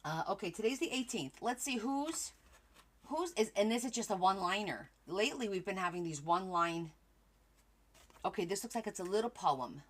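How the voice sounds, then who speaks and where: A woman's voice: mid-range voice, lively intonation, moderate pace. A woman hosting a crafting livestream late in the day, chatting casually with viewers by name and sounding tired. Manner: chatty, addresses viewers by name, trails off and restarts. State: tired at the end of a long day.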